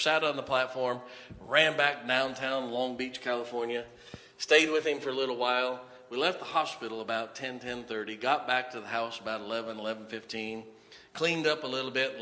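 Bright-voiced preacher telling his story. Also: medium pitch. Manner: lively storyteller who chuckles at his own tale. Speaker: preacher giving a testimony. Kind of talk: personal story told from the pulpit. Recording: long reverb of a large hall.

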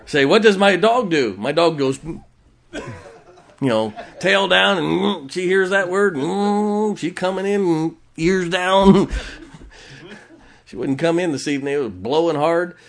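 A male preacher delivers his sermon in a folksy, chatty way, laughing often between points. His voice sits a little high for a man and swings up and down a lot. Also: expressive, slow pace, vocal fry. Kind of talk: conversational sermon.

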